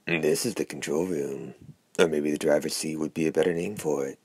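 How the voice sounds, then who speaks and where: A man reading the lines of a hoarse, wry, sardonic talking hand symbiote in an audiobook. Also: very deep voice, fairly even intonation, a little fast, a little mellow, dry recording, full character voice. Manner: wry, drawling.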